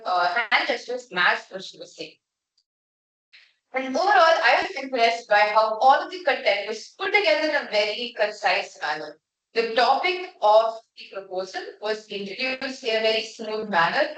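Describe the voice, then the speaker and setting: A woman's voice: fairly high pitch, fairly bright tone. Young woman, speech evaluator, frank and conversational, distant mic, roomy echo. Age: young adult. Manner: frank, conversational, with frequent restarts. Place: club meeting room. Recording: echoey room, voice from far off.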